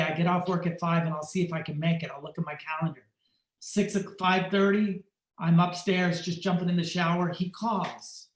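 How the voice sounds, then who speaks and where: A man, a photographer on a podcast, telling a personal story and acting out the dialogue in lively shifting tones. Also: high voice, brisk, reverberant, poor audio. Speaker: podcast guest, fashion photographer.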